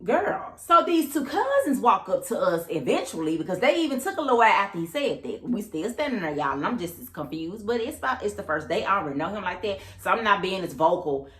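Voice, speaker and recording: A woman in her thirties hosting a podcast, telling a dating story in a sassy, animated, casual way and talking straight to her listeners. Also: mid-range voice, fast, hardly any pauses. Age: 30s. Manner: animated, sassy, addresses listeners as girl and y'all. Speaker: podcast host. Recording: roomy echo.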